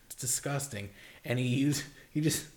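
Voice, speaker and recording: A young man co-hosts a podcast, chatting casually in a medium-pitched, slightly dark voice at a moderate pace. He rambles, swears freely, and leans heavily on "like."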